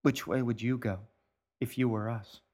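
A man's voice: mid-range voice, steady tone, moderate pace, a little mellow, lightly acted. A man reading the lines of a polite, tentative young brother in an audiobook.

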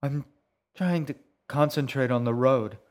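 A woman's voice: a bass voice, unhurried, a little mellow, pitched above the performer's own voice. A man reading an audiobook, voicing a frightened, confused mother who drifts between panic and a dreamy daze. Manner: pleading, confused. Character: frightened, dazed mother driving in a snowstorm.

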